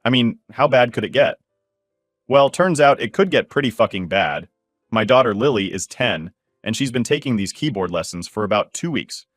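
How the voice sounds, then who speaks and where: A man's voice: medium pitch, lively intonation, normal speed, no room sound, studio quality, faint music behind. A man in his thirties narrating a first-person story in a candid, indignant way, swearing as he goes.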